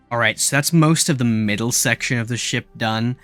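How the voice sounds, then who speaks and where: Over faint music, a young man with a mid-range, slightly bright voice speaks at a moderate pace with hardly any pauses. Building a spaceship in a game, he chats casually, cursing and exclaiming at his errors and rambling through stories packed with filler words.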